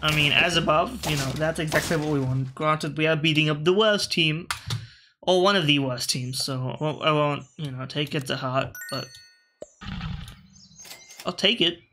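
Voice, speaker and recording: A man's voice: fairly high pitch, normal speed, noisy background. A man giving casual, rambling commentary over a video game, often correcting himself mid-sentence and talking to his game pieces. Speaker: gaming video host.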